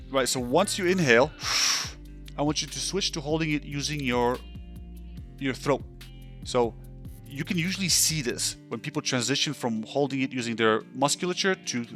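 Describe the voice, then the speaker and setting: A man's voice: mid-range voice, fairly bright tone. Man explaining on webcam, faint music. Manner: loose and conversational, often checking in with "right?" and "okay?". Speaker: counselor. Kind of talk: instructional explanation.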